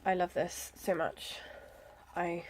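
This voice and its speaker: A woman, chatting casually about her planner, with soft, self-deprecating asides and frequent fillers. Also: lowish voice, level tone, slow pace, a little hiss or hum. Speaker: planner vlogger. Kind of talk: casual chat.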